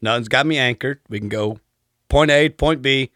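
A man's voice: mid-range voice, normal speed, sharp tone, no echo, studio quality. A man in his thirties from Texas with a Southern accent, telling stories as a podcast guest in an easygoing, polite way. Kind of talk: casual storytelling.

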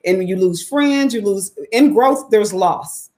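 A woman in her forties from the South, telling her personal story in a candid, expressive way, swearing freely and letting her voice climb high for emphasis. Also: measured pace. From Southern United States. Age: 40s.

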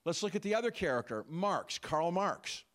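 Male pastor, sermon delivery, fairly high voice with a very lively, swooping pitch, lots of rhetorical questions. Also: moderate pace. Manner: animated preaching with rhetorical questions.

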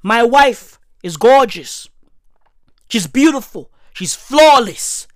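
Podcast host, woman, 30s, slang-heavy and effusive, with a very animated pitch and a slow, dry delivery. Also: no echo. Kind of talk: gushing comic monologue.

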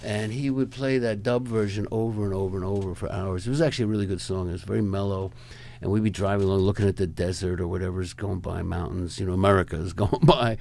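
Older man with a gravelly voice telling stories. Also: low-pitched, fairly even intonation, fast, hardly any pauses, darkish tone. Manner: rambling, chuckling, acts out other people's lines. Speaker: rock photographer, interview guest. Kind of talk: anecdotal storytelling in a conversation.

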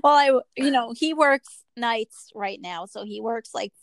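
A woman's voice: a little high, a little slow, dry recording. A woman hairstylist in casual chat, telling rambling stories and acting out what people said. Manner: rambling storyteller, acts out quotes.

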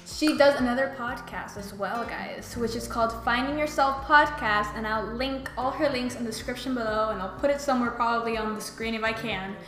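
A young woman with a high, bright-pitched voice hosts a relaxed podcast chat, laughing easily and keeping things upbeat. The room is echoey, with faint music in the background. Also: fairly quick, hardly any pauses. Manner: giggly, upbeat. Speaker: podcast host. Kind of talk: casual chat.

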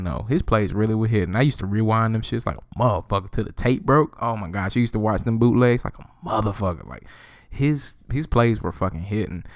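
A man hosting his own podcast, ranting solo in a profane, animated way and laughing often. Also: fairly low pitch, dry recording, clean studio sound. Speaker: podcast host.

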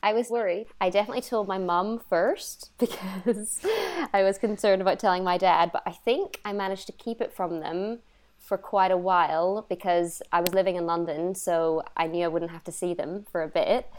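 A woman's voice: fairly low pitch, fairly even intonation, moderate pace, darkish tone. A young woman from Ireland, chatting as an interview guest, laughing often and acting out her own past remarks. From Northern Ireland. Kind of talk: casual interview chat. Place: lives in London.

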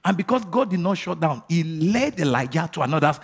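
A man preaching a fervent sermon who asks his congregation questions and leads them in shouted declarations. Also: fairly high pitch, lively intonation, brisk, gravelly, slightly rough. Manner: asks the crowd rhetorical questions. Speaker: pastor.

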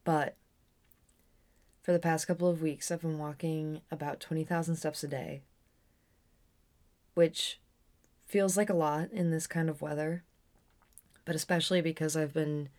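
A woman's voice: sits low, steady tone, measured pace, pauses often, darkish tone. A young adult woman telling a personal story on her podcast in a candid, rambling way with frequent restarts. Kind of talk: casual storytelling monologue.

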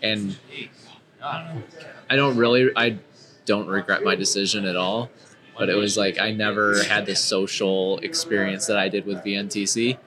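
A man's voice: lowish voice, fairly even intonation, measured pace, crowd noise. Easygoing male podcast host. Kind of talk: casual podcast chat.

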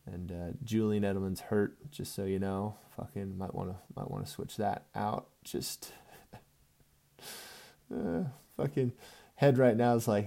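Young guy ribbing his buddies about their league, swearing nonstop, mellow voice bouncing all over. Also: lowish voice, lively intonation, unhurried, creaky. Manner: swings between mumbling asides and loud ribbing, swears constantly. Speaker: fantasy football league commissioner. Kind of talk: casual profane recap to league friends.

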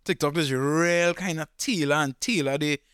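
A man talks through his opinions in an easygoing podcast chat. His voice is smooth and clear, recorded dry and close with no room sound. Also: fairly high pitch, dry recording. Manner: relaxed, rambling, drawn-out thinking aloud. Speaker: podcast co-host. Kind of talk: casual chat.

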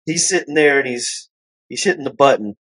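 Giggly, lively male podcast storyteller. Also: medium pitch, a little fast, husky. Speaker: podcast co-host. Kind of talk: casual storytelling.

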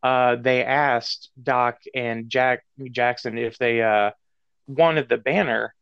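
A man's voice: medium pitch, fairly even intonation, slow pace, creaky, clean tone, no room sound. A man telling stories at length on a podcast, with many fillers and restarts. His mic sounds muffled and lo-fi, and the recording is dry and close. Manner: rambling, full of fillers, laughs. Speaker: podcast co-host. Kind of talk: casual chat.

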